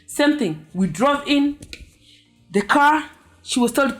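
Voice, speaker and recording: A young woman from Africa tells a story in a lively, casual way. Her voice sits on the higher side, and she acts out the sounds herself. Faint music plays behind her. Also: takes it slowly. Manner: animated, mimics sounds with her mouth. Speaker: vlogger.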